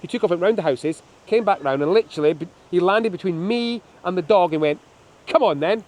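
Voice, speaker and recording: A man's voice: high-pitched, quick pace, a little mellow. A middle-aged man, a falconer, showing birds of prey outdoors on a windy hilltop, telling chatty, joking anecdotes. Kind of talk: hands-on demonstration with storytelling.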